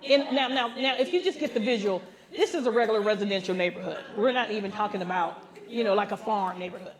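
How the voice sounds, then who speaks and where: An older woman pastor telling a comic story at a women's gathering, animated and laughing, acting out the voices of the people in it. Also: medium pitch, fast talker. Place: live gathering.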